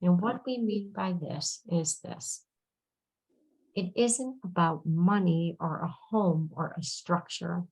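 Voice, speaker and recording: Woman channeling, slow gentle delivery, husky creaky voice, soft whispers, video call. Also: on the low side, poor audio. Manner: slow, soothing, speaks as a collective "we", often murmurs "dear one". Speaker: channel giving intuitive readings.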